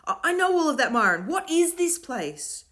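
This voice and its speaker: A woman voicing an excited, urgent young boy, calling out high and loud. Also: normal speed.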